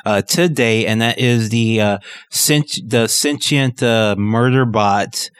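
A man's voice: mid-range voice, slow pace, clear, resonant tone, dry recording. A man co-hosting a podcast, wry and hunting for words with many fillers. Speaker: podcast co-host. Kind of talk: casual podcast chat.

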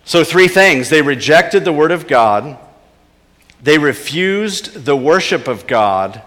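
A man preaching a sermon with earnest emphasis, his voice rising on key points and dropping to soft, low asides. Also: lively intonation, takes it slowly, big-room sound. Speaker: pastor.

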